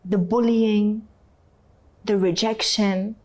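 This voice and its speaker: A woman from North Africa, an interview guest, telling her story in a candid, emotional and animated way. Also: medium pitch, slow pace.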